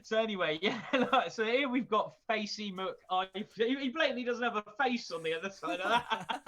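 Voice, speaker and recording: A man's voice: high voice, animated, normal speed, sharp tone. A man co-hosting a casual chat podcast, joking and rambling, swearing freely and laughing often. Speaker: podcast co-host.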